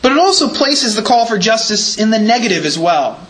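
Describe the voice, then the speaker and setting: A man's voice: sits high, very animated, a little fast, a bit bright, rough recording. A man preaching a sermon in a church, explaining scripture carefully and leaning hard on repeated words for emphasis. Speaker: pastor.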